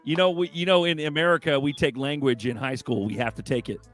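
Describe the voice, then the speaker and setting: A man co-hosting a casual crypto live stream, hyped and shouting out people in the chat. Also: a little high, steady tone, fast, faint music behind.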